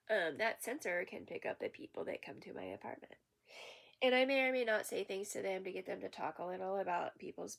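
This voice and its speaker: A woman's voice: medium pitch, gravelly. Woman, unscripted rant, rambling, heavy swearing, agitated.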